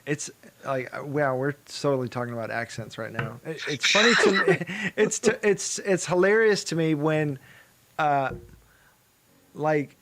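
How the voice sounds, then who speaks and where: Rambling man, chatty and a bit high. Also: lively intonation, unhurried, a bit bright. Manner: rambling, many fillers and restarts, laughs often. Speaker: podcast co-host. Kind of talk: casual chat.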